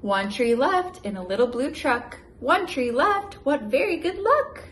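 A young woman and mother chatting casually in a home vlog and reading a children's picture book aloud with lively sound effects. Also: high voice, measured pace, slight background noise. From United States. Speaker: vlogger, mother.

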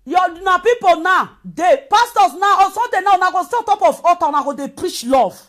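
A woman from Nigeria with a Nigerian accent, delivering an impassioned rant on a live video. She swings between shouting and low muttering. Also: lively intonation, fairly quick. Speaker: returned migrant speaking out.

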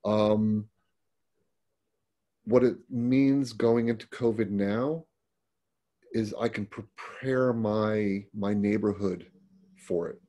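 A middle-aged man speaking as a paramedic guest. His voice sits a bit low and sounds husky, with a dark, mellow tone. He tells his stories plainly and often restarts or repeats words as he goes. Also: fairly even intonation, takes it slowly, long pauses. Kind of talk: conversational storytelling.

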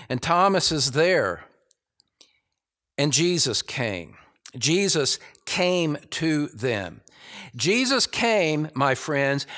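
A man with an American accent preaching a sermon as pastor, deliberate and emphatic, building in intensity. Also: on the high side, fairly bright tone.

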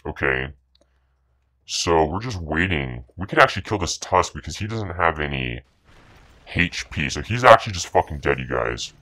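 Very deep and sharp-toned, yet lively in intonation, this man talks at normal speed as he narrates his own video game match. He brags, swears, and sneers at the other players, repeating the same catchphrases in his trash-talking gameplay commentary.

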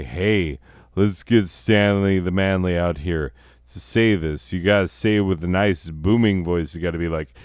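A man's voice: low-pitched, a little mellow, no room sound, clean studio sound. A man hosting a comedy show in a crude, profane, rambling monologue. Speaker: host.

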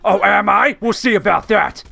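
A gamer giving excitable, sweary commentary over their own gameplay. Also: mid-range voice, moderate pace, gravelly, soft background music. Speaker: let's play gamer.

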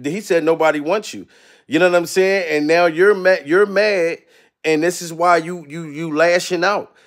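A man hosting a live stream, ranting profanely in a loose, rambling way, laughing often and shouting out viewers in the chat, his voice going hoarse. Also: high-pitched, fairly even intonation, normal speed. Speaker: livestream comedian host.

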